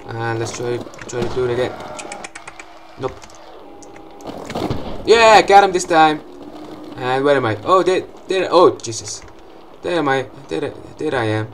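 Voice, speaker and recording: A young man giving excitable gameplay commentary, swearing often and breaking into loud outbursts and laughs. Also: mid-range voice, background noise.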